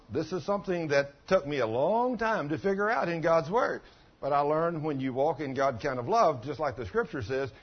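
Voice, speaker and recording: An older man in his late sixties delivers a folksy, down-to-earth sermon. His voice is husky and sits a bit high for a man. The recording sounds dull and lo-fi. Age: 60s. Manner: folksy, conversational preaching with colloquial grammar. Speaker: pastor. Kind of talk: sermon with storytelling.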